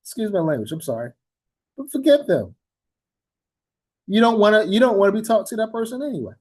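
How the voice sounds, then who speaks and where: A man lectures on language teaching in a slightly high voice. His delivery is blunt and informal. He repeats his main points for emphasis. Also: sing-song, fairly quick, a little mellow, breathy edge. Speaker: TESOL instructor.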